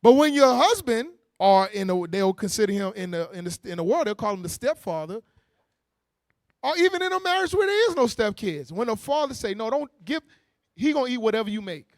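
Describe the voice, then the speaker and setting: A man preaching a sermon in a lively, conversational way, using with slang, quick restarts and playful mocking asides. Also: sits high, no room sound, studio quality. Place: church meeting hall.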